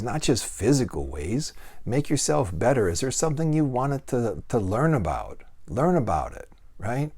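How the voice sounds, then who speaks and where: A man's voice: mid-range voice, a little mellow. A man talking straight to camera in a casual monologue, blunt and folksy, swearing freely and asking rhetorical questions. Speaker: vlogger giving life advice.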